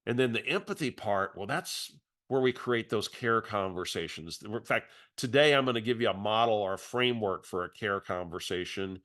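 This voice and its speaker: A man's voice: fairly low pitch, expressive, normal speed, fairly bright tone. A middle-aged man coaching real estate agents in a webinar, talking conversationally and restarting his phrases as he tells a story. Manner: conversational, repeats words as he restarts. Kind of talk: webinar coaching talk with anecdote.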